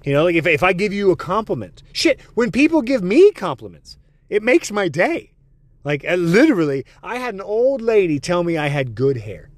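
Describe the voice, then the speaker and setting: Male podcast host, profane and excitable, lively pitch. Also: normal speed, no room sound. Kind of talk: comedic podcast monologue.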